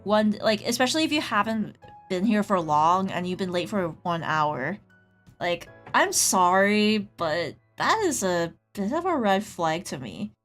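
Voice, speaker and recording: A woman's voice: mid-range voice, big pitch swings, measured pace. A woman streaming while she draws, telling a rambling story in casual chat, full of "like", and stopping to greet her chatters. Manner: rambling storytelling, heavy use of "like". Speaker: streamer and artist. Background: faint background music.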